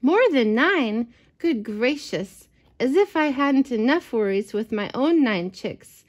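A woman voicing a worried mother hen in a storybook, fussing in a rushed, fretful way. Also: on the high side, animated, highs cut off.

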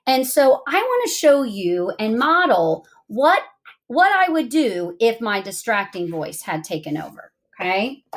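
Lively, slow-talking woman teacher. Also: on the high side. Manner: lively, encouraging, talks directly to children. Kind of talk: recorded lesson for young students.

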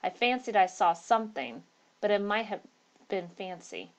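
Woman doing an uneasy yet affable gentleman, storybook ghost tale, near her own voice. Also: high voice, sing-song, moderate pace. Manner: uneasy, then hearty and affable. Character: uneasy but hearty male traveller.

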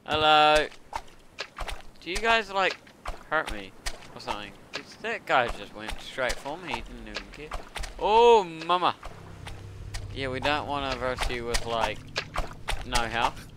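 A man giving casual commentary as he plays a game, excitable and talking to himself, with sudden yelps and laughs. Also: mid-range voice, normal speed, background noise. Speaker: gaming video creator.

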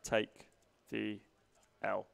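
A man's voice: lowish voice, monotone, drawn-out words, vocal fry. A man commentating a live game tournament with dry, playful quips. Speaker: tournament caster.

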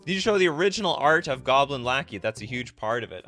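A man's voice: mid-range voice, normal speed, soft background music. A man from Canada hosting a casual live stream, chatting in a jokey way and thinking aloud as he reads viewer messages. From Canada (Winnipeg). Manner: animated, jokey, thinks aloud while reading chat. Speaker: livestream host.

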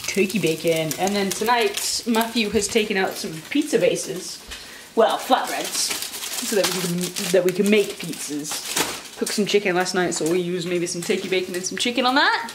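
A woman's voice: on the low side, moderate pace, reverberant, noisy background. A woman vlogging casually while cooking in her home kitchen, chatty and rambling with loose restarts. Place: home kitchen with food frying. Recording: frying sizzle under the voice.

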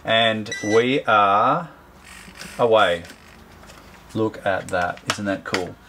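A man's voice: on the low side, drawn-out words. Male host, casual unboxing review, rambling and chatty, faint background noise. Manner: chatty, rambling, self-correcting.

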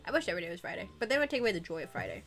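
A woman's voice: lowish voice, huge pitch swings, very fast, a bit bright, soft background music. A young woman co-hosting a gaming livestream, chatting casually and giggling as she greets viewers by name. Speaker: livestream co-host. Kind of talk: casual gaming stream chat.

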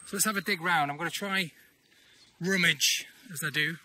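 A man, chatting casually as he walks an overgrown old railway path outdoors, often pausing on "uh". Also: on the high side, pushed and bright. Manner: chatty, with frequent "uh" pauses. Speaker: urban exploring vlogger. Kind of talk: casual walk-and-talk commentary.

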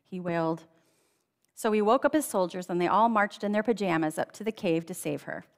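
A woman's voice: medium pitch, fast talker, big-room sound. A woman reading a children's storybook aloud in a church, telling it expressively and lingering on key phrases. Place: church sanctuary.

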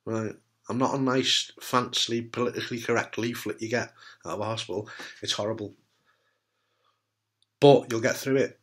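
A man's voice: medium pitch, steady tone, moderate pace, pauses often, fairly bright tone. A man and cancer survivor, talking casually and bluntly to camera, frank and jokey with the odd swear word. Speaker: testicular cancer survivor giving advice.

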